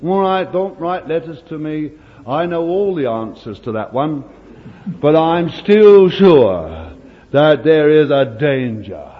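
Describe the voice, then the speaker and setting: An older man preaching a sermon as a story, moving between hushed asides and emphatic lines. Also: on the high side, lively intonation, takes it slowly. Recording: dull recording with long hall reverb.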